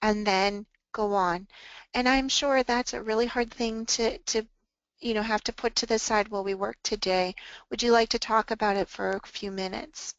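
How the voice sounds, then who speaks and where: A woman's voice: fairly high pitch, moderate pace, clear, resonant tone, dry recording, muffled recording. Earnest woman leading a tutoring workshop. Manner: calm, earnest, acts out example phrases to students. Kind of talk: workshop talk.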